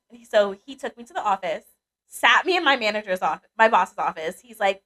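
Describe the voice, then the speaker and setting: Animated young woman telling a story. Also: mid-range voice, fast talker. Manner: animated storytelling, swears freely. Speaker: podcast co-host. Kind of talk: casual chat.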